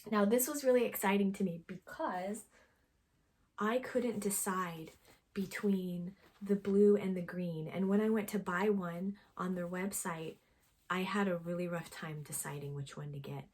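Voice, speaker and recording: Knitting vlogger, woman, breathy and husky, animated storyteller who slips into whispers. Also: medium pitch. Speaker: knitting podcast host. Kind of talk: casual chat to camera.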